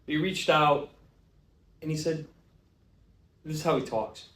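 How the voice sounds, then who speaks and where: A man's voice: on the high side, unhurried, a bit bright. Bombastic ranting male comedy host. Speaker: show host. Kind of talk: comedic rant monologue. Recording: roomy, distant mic.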